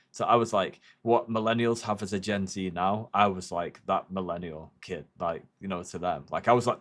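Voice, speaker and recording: Deep-voiced man rambling casually. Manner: rambling, heavy swearing, reflective. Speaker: livestreamer. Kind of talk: casual chat on a livestream.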